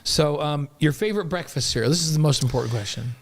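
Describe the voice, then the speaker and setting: A man co-hosting a sports podcast, chatting casually and asking quick questions. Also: fairly high pitch, husky. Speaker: podcast co-host.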